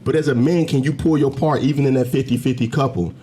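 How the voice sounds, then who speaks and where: A man talking straight to the camera in a commentary video, emphatic and preachy, climbing to loud, heated peaks as he argues. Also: mid-range voice, steady tone, fast, a little hiss or hum. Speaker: commentary channel host. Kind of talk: direct-to-camera commentary rant. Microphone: camera mic, facing camera.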